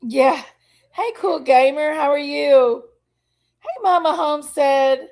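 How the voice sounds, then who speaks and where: A woman's voice: high-pitched, slow, darkish tone. A woman, hosting a casual livestream, greeting viewers by name and talking openly about personal struggles. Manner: chatty, greets viewers by name, says honey and y'all. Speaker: livestream host. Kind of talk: casual chat with live viewers.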